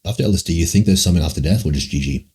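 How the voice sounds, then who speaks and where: A man with a very deep, dark voice and a husky edge answers chat questions on a casual livestream. He rambles and muses, swearing freely as he thinks aloud. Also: very fast. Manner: rambling, musing, frequent swearing.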